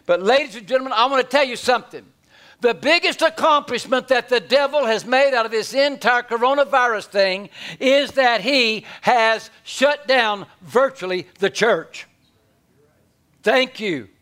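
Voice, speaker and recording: A man preaching a sermon in a folksy, animated way, swinging from loud to hushed. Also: very high-pitched, measured pace.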